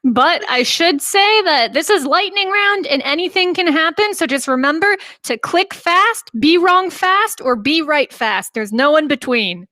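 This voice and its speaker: A woman co-hosting a quiz, brisk and encouraging. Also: high-pitched, animated, bright, forceful tone, dry recording. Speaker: quiz co-host.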